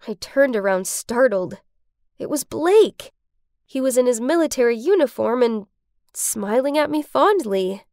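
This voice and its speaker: Young woman narrator, slow and lively delivery, dry close recording. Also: a little high, no room sound. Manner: emotional first-person telling. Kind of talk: storytelling narration.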